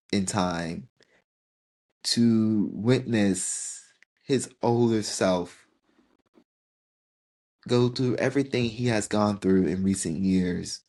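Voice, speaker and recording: Young guy host, kinda low voice, heartfelt and teary, talks about his birthday. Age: 20s. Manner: heartfelt, tearful, expressive. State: tearing up. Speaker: podcast host. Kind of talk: emotional personal reflection.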